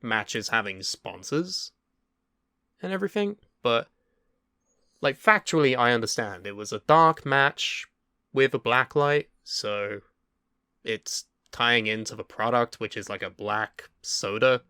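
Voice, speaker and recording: A man's voice: mid-range voice, takes it slowly, bright, forceful tone, smooth, no room sound, clean studio sound. A man co-hosting a wrestling podcast, talking in casual chat, thoughtful and a bit hesitant. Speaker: podcast co-host.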